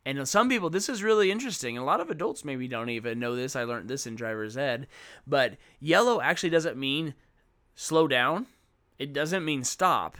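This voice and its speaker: A middle-aged man talks through his classroom tricks for teaching kids in a relaxed, conversational way. His voice is smooth and clear, at an ordinary pitch for a man. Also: normal speed. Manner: conversational, explains with examples and acts out classroom exchanges. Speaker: children's ministry teacher. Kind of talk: teaching tips talk.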